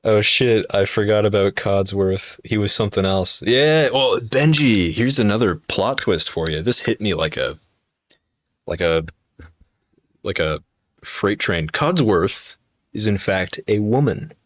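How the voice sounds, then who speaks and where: A man's voice: fairly low pitch, animated, unhurried, fairly bright tone, dry recording, muffled recording. A man in his twenties chatting casually on a live stream, telling rambling, profane stories full of fillers and restarts. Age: 20s.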